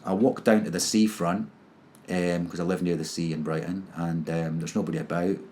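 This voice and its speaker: A man with a slightly low voice recounts a personal experience in an interview. He speaks earnestly and with feeling, stumbling and repeating words as he searches for what to say. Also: fairly even intonation, normal speed, darkish tone, a little hiss or hum. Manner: earnest, emotional storytelling. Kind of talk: personal testimony.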